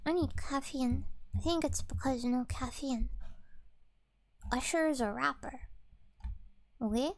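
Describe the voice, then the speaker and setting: A young woman in a whispered role-play, soft-spoken and rambling, swearing freely and trailing off mid-thought. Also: high-pitched, a little slow, long pauses. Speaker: ASMR creator.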